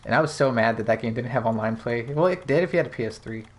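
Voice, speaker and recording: A man's voice: medium pitch, fast talker. A young man hosting a casual gaming podcast, telling personal stories in a candid, rambling way with plenty of fillers. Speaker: podcast host.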